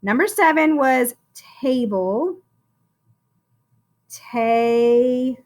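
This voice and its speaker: A woman leads a phonics lesson for young children, stretching out each sound as she spells words aloud. Her voice is bright and fairly high, and it swoops up and down in an encouraging, sing-song way. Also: big pitch swings. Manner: slow, drawn-out sounding out of words. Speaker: first-grade teacher.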